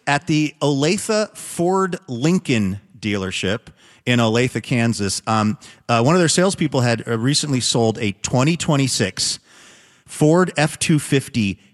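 A man chats as a podcast co-host and spins upbeat news in a wry, teasing way. His voice sits at a middle pitch and carries a long, hall-like reverb. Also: animated, measured pace. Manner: wry, joking, slightly snarky. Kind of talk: casual news chat. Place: lives in the countryside.

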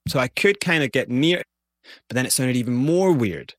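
A man with a Scottish accent, an interview guest candidly recounting his life in animated storytelling. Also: mid-range voice, moderate pace, no room sound, clean studio sound. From Scotland. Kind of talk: personal storytelling.

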